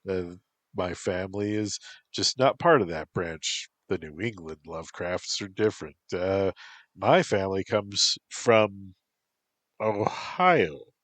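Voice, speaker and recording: A man's voice: low-pitched, lively intonation, slow pace, fairly bright tone, no echo, heavily acted. A man voicing an insistent young woman student.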